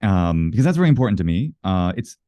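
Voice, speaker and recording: A low-voiced man with a mellow tone, talking as a guest in a casual interview. He explains his ideas earnestly and at length, often stopping to rephrase mid-sentence. The sound is close and dry. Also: big pitch swings, fast, no echo. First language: English. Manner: earnest, explains at length with frequent self-corrections.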